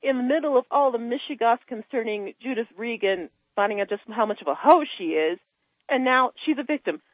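A woman on a tinny phone line rants passionately about politics. Her voice sits high and husky, and it climbs even higher as she gets worked up. The line is dry and close. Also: a little fast, dry recording. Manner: impassioned, voice climbing high when upset. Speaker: caller. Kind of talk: heated political phone-in rant.

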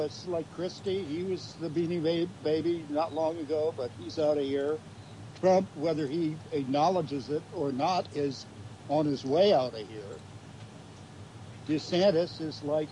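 A man with a slightly high but mellow voice cracks folksy jokes about politics. Faint noise sits under his voice. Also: a little slow, rough recording. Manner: joking, folksy. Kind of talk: casual political talk.

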